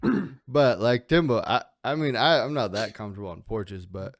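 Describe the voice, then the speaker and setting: A man's voice: fairly low pitch, expressive, moderate pace, dry recording, studio quality. A man co-hosting a podcast in casual chat, laid-back, saying bro and dude and laughing often. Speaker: podcast co-host.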